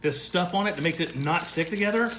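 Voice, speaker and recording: Brief: male cooking-show host, playful and mock-offended, in a roomy kitchen with steady background noise. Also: on the high side, a little fast. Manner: joking, mock-indignant banter while cooking. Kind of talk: casual cooking demonstration.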